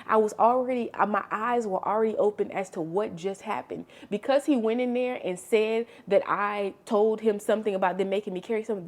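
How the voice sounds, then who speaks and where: A young woman chats through a personal story for her vlog, animated and expressive. Her voice sits at an ordinary middle pitch. Her delivery jumps from hushed asides to loud bursts, and she speaks to the listener like a close friend. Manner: animated, expressive storytelling with sharp swings in loudness; chatty, addresses listener as honey and girl. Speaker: vlogger. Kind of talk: casual storytime chat.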